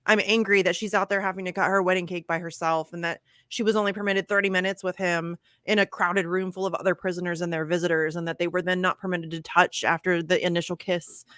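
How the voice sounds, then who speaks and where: A woman's voice: on the low side, flat delivery, fast talker, hardly any pauses, a bit bright, no echo, clean studio sound. A woman co-hosting a political talk show, indignant and fighting back tears as she swears openly. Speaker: co-host. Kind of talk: emotional political commentary.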